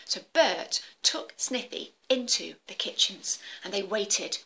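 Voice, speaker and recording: A woman telling a traditional tale for children in an animated, expressive way. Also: medium pitch, slow pace. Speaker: children's storyteller. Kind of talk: storytelling for children.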